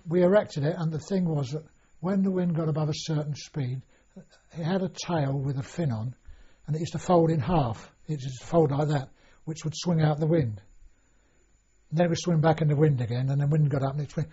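Speaking a little fast, an older man recalls his past for an oral history interview, rambling and often restarting or using fillers. He has a fairly high, dark, slightly rough voice, captured on a dull lo-fi recording.

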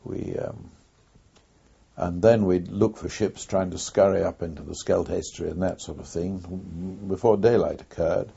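An older man, a former wartime pilot, recounting his memories in an oral history interview with an unhurried, reflective pace and frequent pauses. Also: sits low, fairly even intonation, creaky, warm tone, husky. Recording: dull lo-fi recording.

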